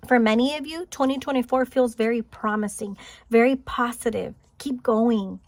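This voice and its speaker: A woman giving a spiritual pick-a-card reading, gentle and encouraging, thinking aloud with small restarts. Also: on the high side, normal speed, dry recording. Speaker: tarot card reader. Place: home, Highland Park, California.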